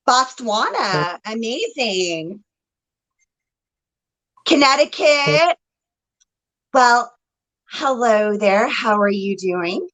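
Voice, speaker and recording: A woman's voice: a little high, expressive, very slow, long pauses, a bit bright, rough recording. A woman hosting a casual livestream, chatting, laughing and greeting viewers by name as a psychic reader.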